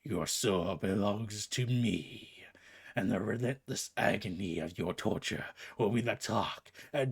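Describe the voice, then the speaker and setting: A man voicing a menacing male god of the underworld, slow, grave and threatening, sometimes dropping to a whisper. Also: lowish voice, gravelly, husky, voice pushed down, heavily acted.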